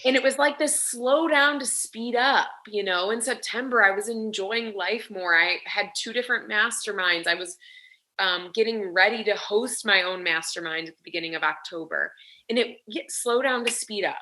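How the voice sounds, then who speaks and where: Bright-voiced woman guest, chatty. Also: mid-range voice, moderate pace. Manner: chatty, restarts and fills with "like" and "you know". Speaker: guest business coach. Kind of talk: casual interview chat.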